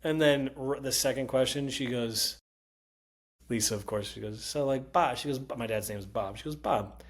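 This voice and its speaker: A man on a podcast as a comedian guest, telling animated stories with swearing and lots of laughter. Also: mid-range voice, normal speed. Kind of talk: casual podcast chat.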